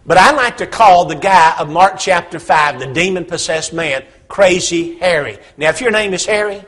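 A man's voice: high voice, normal speed, fairly bright tone. A man preaching a sermon, telling a Bible story with humor and acted-out voices.

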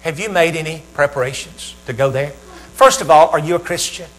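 A Southern American preacher with a high, bright voice delivers his sermon. He asks his listeners question after question and lets each one hang with a pause. A faint mains hum sits under the recording. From Southern United States. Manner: rhetorical questions with dramatic pauses.

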